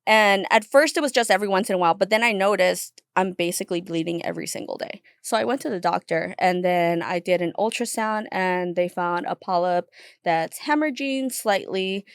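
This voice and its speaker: A woman's voice: fairly low pitch, fairly quick, smooth, no echo, clean studio sound. A young adult woman chatting as a guest on a podcast, rambling with lots of fillers and laughing often. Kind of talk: casual chat.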